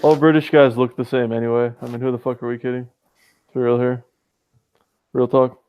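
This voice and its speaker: A man's voice: medium pitch, fairly even intonation, fairly quick, a little mellow, smooth, dry recording. A man bantering crudely and jokingly during a casual movie chat.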